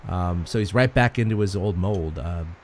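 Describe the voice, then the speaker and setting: A man co-hosting a sports podcast, an animated storyteller who laughs often in casual chat. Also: sits low, normal speed, a little hiss or hum. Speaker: podcast co-host.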